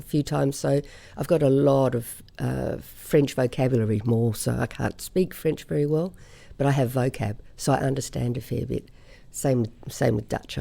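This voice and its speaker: A woman's voice: low voice, vocal fry, mellow. A middle-aged woman from Australia, a singer telling stories in a casual interview and laughing easily. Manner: chatty storyteller, quick to laugh.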